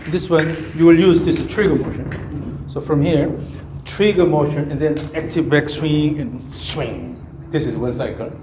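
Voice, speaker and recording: Man, golf coach, fairly high voice, instructive, repeats cues, roomy echo, faint hiss. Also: unhurried, few pauses. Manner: instructive, repeats cue phrases, hums swing rhythms. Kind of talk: hands-on swing instruction. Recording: echoey room, faint background noise.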